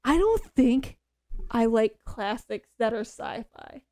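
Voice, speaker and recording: A young woman co-hosting a podcast, chatting excitedly about books with lots of "um" and "like". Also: on the high side, slow pace, a little hiss or hum. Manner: chatty, excitable, many fillers like "um" and "like". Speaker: podcast co-host. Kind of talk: casual chat about books.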